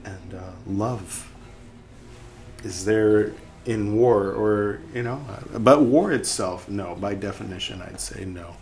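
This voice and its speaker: A man's voice: on the low side, slow, a little mellow. A man hosting a podcast, reading passages and rambling through casual commentary with restarts and dips into a near-whisper. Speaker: podcast host.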